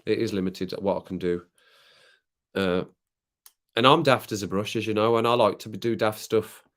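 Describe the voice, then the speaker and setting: This British man's voice is lowish and fairly bright, with fairly even intonation and a moderate pace. Hosting a casual late-night stream, he drinks rum and chats loosely with viewers, rambling, laughing often, reading out comments, and coughing occasionally.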